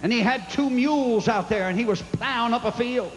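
A man preaching a fiery revival sermon, telling a folksy story and shouting at times, recorded live in a big tent. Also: extremely high pitch, a little fast, a little hiss or hum. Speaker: evangelist preacher. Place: large revival tent with congregation. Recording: tent revival with long echo and crowd.

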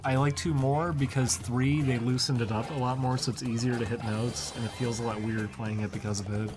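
A man's voice: medium pitch, little pitch movement, brisk, background noise. A man co-hosting a casual gaming chat, talking in long explaining turns with restarts. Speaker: co-host.

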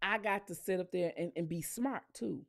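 A woman's voice: fairly low pitch, moderate pace, vocal fry. A woman hosting her own commentary channel, talking straight to her viewers in a blunt, profane rant with lots of emphatic repetition.

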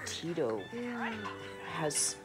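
A woman's voice: low-pitched, extremely slow, loud music behind the voice. A woman with a New York accent, talking earnestly and rambling, full of fillers, in a casual spiritual vlog. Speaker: vlogger.

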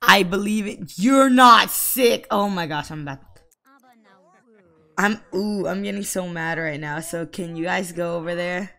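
A woman's voice: fairly low pitch, steady tone, normal speed, vocal fry, sharp tone. A woman giving let's play commentary, scolding her game characters aloud in exasperation. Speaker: gaming channel host.

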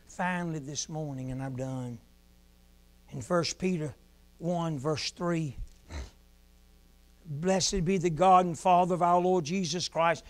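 A man preaching a sermon, repeating key phrases in a rhythmic cadence, swinging from shouted emphasis to soft asides. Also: on the high side, fairly even intonation, slow pace, long pauses.

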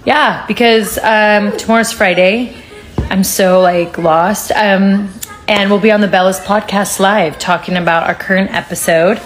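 A woman's voice: medium pitch, fairly even intonation, measured pace. A woman in her thirties chatting casually on a phone livestream at home, switching to a sing-song baby voice for her toddler. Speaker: social media livestream host.

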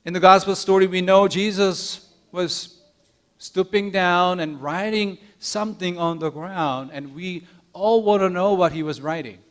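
A man pastor preaching a sermon, telling a story in an earnest, gentle way, often letting his lines drop soft and hushed, with small restarts. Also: sits high, a little slow. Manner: small restarts and repeated words.

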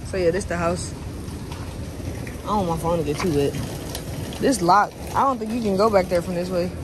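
A woman's voice: fairly low pitch, moderate pace. A young woman vlogging to her phone camera from a car and outside in the rain. She talks straight to her viewers and swears freely. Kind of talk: casual vlog chat to camera. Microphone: phone camera held by hand. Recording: noisy car and street background.

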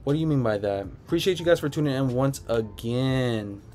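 With soft music in the background, a sneaker livestream host answers viewer comments from home, reading each aloud first. He speaks fairly quickly in a mid-range, darkish voice with lively intonation, keeping things loose and rambling.

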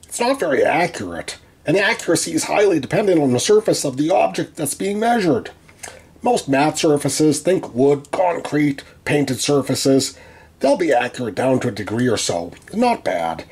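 Man, tool reviewer, slightly husky, lively pitch, dry humor, stumbles and restarts. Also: moderate pace. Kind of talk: voice-over narration of a teardown.

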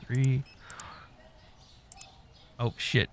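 A man's voice: medium pitch, a little slow, vocal fry, a bit bright, slight background noise. A man giving casual, profane gameplay commentary, mock-scolding customers and staff as he plays. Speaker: gaming YouTuber.

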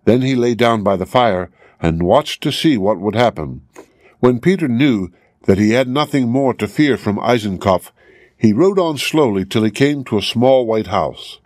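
A man reading a fairy tale aloud clearly and steadily as an audiobook for English learners. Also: mid-range voice, expressive, normal speed, darkish tone, no room sound, clean studio sound. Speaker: storyteller.

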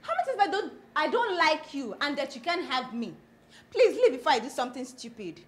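A woman's voice: high-pitched, sing-song, a little fast. A curt, fed-up young woman. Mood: angry. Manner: curt, dismissive. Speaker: daughter. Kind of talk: film drama acting.

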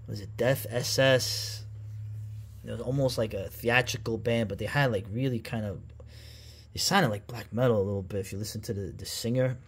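Husky guy rambling sarcastic commentary, lots of uhs. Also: medium pitch, steady tone, moderate pace. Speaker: reaction video host. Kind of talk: casual commentary over a documentary.

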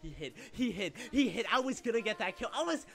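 A man hosting an excitable gameplay commentary, loud and frustrated, often yelling. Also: high-pitched, fairly quick, gravelly. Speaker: gameplay video host.

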